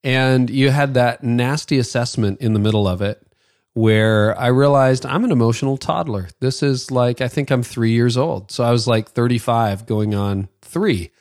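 A man's voice: medium pitch, normal speed, a little mellow, no echo, clean studio sound. A middle-aged Canadian man hosting a leadership podcast, reading ads and interviewing a guest with enthusiastic, conversational energy. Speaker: podcast host. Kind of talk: ad reads and interview.

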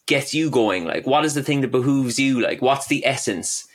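A man's voice: medium pitch, expressive, moderate pace, loud music behind the voice. Chatty Cork Irishman, rambling storyteller. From Ireland. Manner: rambling, self-deprecating, lots of "like". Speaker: guest comedian. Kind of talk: casual interview chat.

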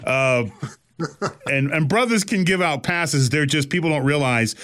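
Animated man telling a story. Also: on the high side, measured pace. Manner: animated, acts out quoted lines. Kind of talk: casual storytelling chat.

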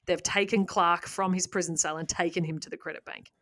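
A woman hosting a casual podcast, retelling a story with lively asides and laughs. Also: fairly low pitch, a little fast. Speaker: podcast host.

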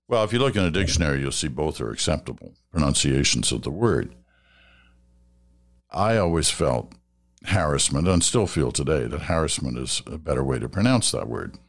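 An older Canadian man with a deep, low-pitched voice hosts a podcast in an easy, conversational way. He reads listener letters aloud, muses over them and chuckles often. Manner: relaxed, musing, chuckles often. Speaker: podcast host. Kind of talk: casual chat, reading listener letters.

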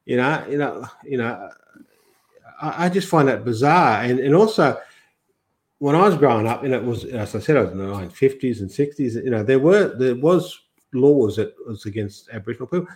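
A man's voice: mid-range voice, animated, brisk, a little mellow. An older man from Australia, a guest in a political interview, talking in long rambling sentences full of restarts and quoted asides.

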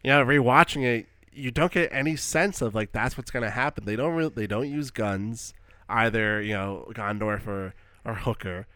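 A man's voice: mid-range voice, normal speed, fairly bright tone, clean tone, no echo. A man co-hosting a podcast in casual chat, rambling with lots of fillers and acting out his reactions. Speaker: podcast co-host.

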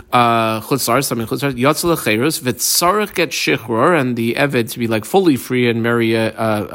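A man's voice: mid-range voice, fairly bright tone. Man teaching Talmud line by line. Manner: reads each Aramaic phrase, then translates and explains it; calls out his page markings as he goes.

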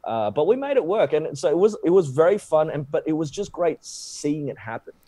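A man's voice: on the high side, a little fast, crowd noise. Australian man telling a story. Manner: animated, laughing, acts out quoted voices. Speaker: guest actor. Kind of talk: casual storytelling.

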